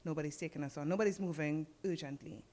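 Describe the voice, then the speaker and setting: Low-voiced Trinidadian woman telling a story. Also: fast. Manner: lively storyteller acting out dialogue. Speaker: podcast guest. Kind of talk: casual storytelling interview.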